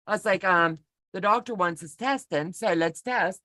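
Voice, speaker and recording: Her voice is medium-pitched and a bit bright, at normal speed, in a dry recording. She co-hosts a sewing pattern walk-through and, chatting casually on a home video call, spins a rambling personal tale full of folksy, self-deprecating humor.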